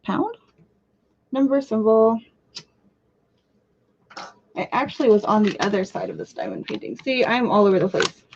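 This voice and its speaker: A woman's voice: fairly high pitch, animated, normal speed, long pauses, muffled recording, background noise. A young woman in her twenties hosting a live crafting show, talking casually and jumping from topic to topic with self-mocking asides and sudden squeals. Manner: chatty, scattered and self-mocking, with bursts of squeals. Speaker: crafting livestream host. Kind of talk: casual live-stream chat.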